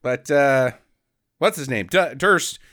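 A man casually recapping a movie with a co-host, animated, swearing and mock-quoting the characters. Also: mid-range voice, takes it slowly. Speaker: podcast co-host.

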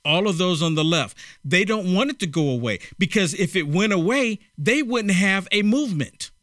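A man's voice: high voice, animated, normal speed, a bit bright, no room sound, studio quality. A man co-hosting a political talk show, speaking in an indignant, emphatic way. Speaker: co-host.

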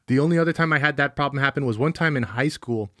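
A young man co-hosting a podcast in a small studio, telling animated stories in casual chat and acting out the dialogue. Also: mid-range voice, fast talker, no room sound. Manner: animated storyteller, acts out quoted dialogue. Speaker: podcast co-host.

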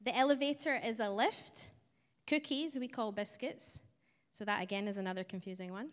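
A Scottish woman, a missionary, explains things to a church congregation in a friendly way, chuckling now and then. Her voice sits at a middle pitch. It rings out with a long reverb in the church hall. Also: normal speed. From Scotland. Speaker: missionary speaker. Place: church sanctuary.

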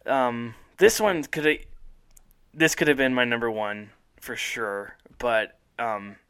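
A man's voice: mid-range voice, takes it slowly, fairly bright tone, clear, resonant tone. A man hosting a casual podcast chat, rambling enthusiastically and laughing often. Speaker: podcast host.

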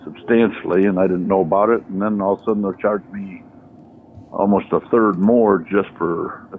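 A man's voice: deep voice, fairly even intonation, moderate pace. A man on a phone call, complaining about his bill in an aggrieved, long-winded way. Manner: aggrieved, explaining at length. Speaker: newspaper customer on a call. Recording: tinny phone line with faint hiss.

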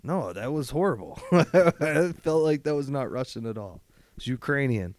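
A foul-mouthed man trading crude jokes with his friends, breaking into laughter as he goes. His pitch swings up and down a lot. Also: lively intonation, normal speed, darkish tone, dry recording. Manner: laughs often, swears freely. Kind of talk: crude casual banter.

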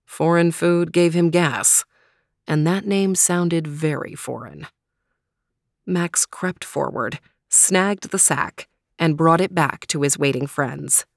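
A woman narrating a children's storybook in a steady, measured way. Her voice sits low, and the recording is dry and close, with no room sound. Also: creaky, no echo. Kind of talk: storybook reading.

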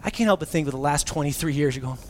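Animated male pastor, slightly high voice. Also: rapid-fire, slight background noise. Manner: animated, swings from loud to near-whisper, acts out quotes; casual, joking preaching. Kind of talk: sermon.

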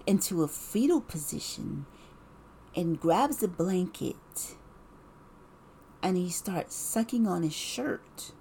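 A woman's voice: on the low side, warm tone, slight background noise. A woman telling a personal story in a casual, rambling way, with many fillers, restarts and repeated words.

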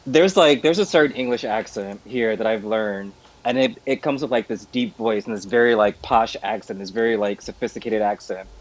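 Animated, self-mocking man chatting. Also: on the low side, normal speed, few pauses, poor audio. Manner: animated, self-deprecating storyteller. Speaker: podcast co-host. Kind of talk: casual chat.

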